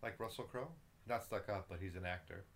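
A man, co-hosting a casual chat show, easygoing and quick to laugh. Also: deep voice, gravelly, fairly bright tone, slight background noise. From United States. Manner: easygoing, laughs often, asks questions. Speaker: co-host.

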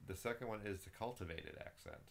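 A man co-hosts a laid-back podcast, asking questions and laughing easily. His voice sits low for a man. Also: fast, gravelly, a little hiss or hum. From United States. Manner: easygoing, laughs often, asks questions. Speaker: co-host. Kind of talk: casual podcast chat.

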